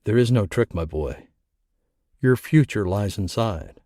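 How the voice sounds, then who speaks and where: A man voicing a stern, noble old soldier who speaks gravely to a young man. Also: animated, unhurried, no room sound, clean studio sound. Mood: gentle. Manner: grave, low, then softening.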